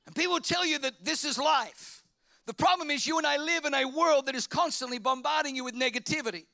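A man preaching a sermon, fervent, repeating phrases and swinging from loud to hushed. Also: extremely high pitch, brisk, vocal fry. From Australia. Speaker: pastor.

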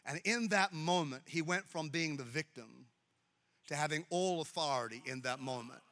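A man preaching a sermon in an animated, jokey way, often repeating his words. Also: on the high side, moderate pace. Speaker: pastor. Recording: echoey hall with long reverb.

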